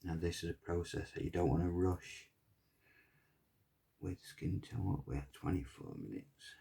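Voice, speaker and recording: A man's voice: deep voice, lively intonation, moderate pace, gravelly, warm tone, slightly rough. A man giving a casual, rambling pyrography tutorial and chatting as he works. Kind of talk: casual tutorial chat while working.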